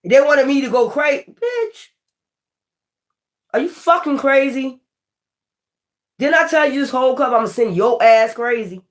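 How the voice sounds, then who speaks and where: A woman giving a casual tarot reading, her voice sitting a little on the high side. She talks straight to the viewer in an animated, profane way and laughs often. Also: normal speed. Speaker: tarot reader.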